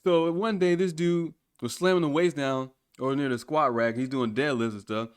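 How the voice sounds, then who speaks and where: A man in his thirties telling stories in a casual, colloquial chat, animated and often laughing, with the odd swear word. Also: on the high side, normal speed, smooth. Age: 30s.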